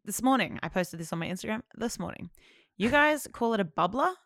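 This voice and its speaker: A woman's voice: medium pitch, expressive, a little fast, fairly bright tone, dry recording, clean studio sound. A young Australian woman from Adelaide in a casual chat, going on playful rants. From Adelaide, South Australia. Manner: chatty, playful ranting.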